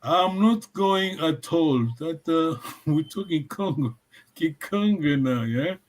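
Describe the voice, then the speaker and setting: A man's voice: on the high side, animated, takes it slowly, a little hiss or hum. A man teaching a language lesson, encouraging his students and often checking that they follow.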